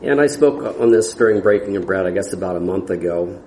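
A man preaching an expository sermon, earnest and halting, often restarting his phrases as he reads and explains scripture. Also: sits low, lively intonation, mellow, echoey room, a little hiss or hum, low-quality recording.

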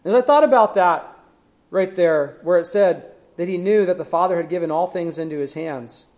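A man preaching a sermon, retelling scripture stories earnestly and letting his voice fall to a hush at the ends of phrases. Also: high voice, normal speed.

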